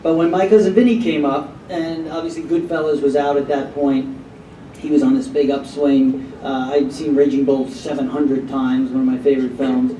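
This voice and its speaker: A man's voice: medium pitch, level tone, moderate pace, warm tone, a little hiss or hum. A man on a convention panel telling a rambling anecdote and acting out what others said, heard in a large hall. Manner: rambling storyteller who acts out quotes. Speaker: panel guest. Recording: roomy convention hall from far off.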